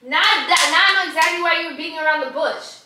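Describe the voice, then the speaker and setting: A woman's voice: extremely high pitch, fast talker, sharp tone, a little hiss or hum. A young woman suspiciously pressing her boyfriend with questions in a casual argument. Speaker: vlogger's girlfriend. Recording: echoey room, voice from a distance.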